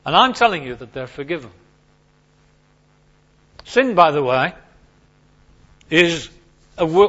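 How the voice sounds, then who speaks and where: A man preaching a sermon to his congregation, emphatic and animated, repeating his key points. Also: fairly high pitch, muffled recording.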